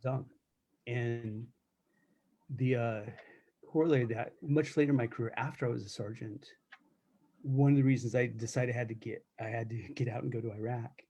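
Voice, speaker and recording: A middle-aged man with a mellow, warm tone tells stories in an easy, casual way. He is candid and wry, swears freely, and often restarts a sentence before he goes on. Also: mid-range voice, steady tone, normal speed, husky. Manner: candid, profane, wry storytelling with many restarts. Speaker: self-defense instructor recounting corrections work. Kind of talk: casual storytelling on a live chat.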